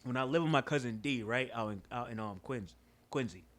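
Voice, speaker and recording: A young man telling a story on a podcast in an animated, laughing, profane way, a bit stuffy-nosed. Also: medium pitch, fairly quick. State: stuffy nose. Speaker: podcast co-host. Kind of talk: casual storytelling chat.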